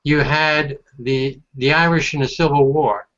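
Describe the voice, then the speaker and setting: A man speaking on a video call, working through his point earnestly and at length. His voice sits a little high for a man, and the call audio is slightly dull. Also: fairly even intonation, unhurried, fairly bright tone. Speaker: hangout panelist. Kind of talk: casual group video chat. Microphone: computer mic on a video call.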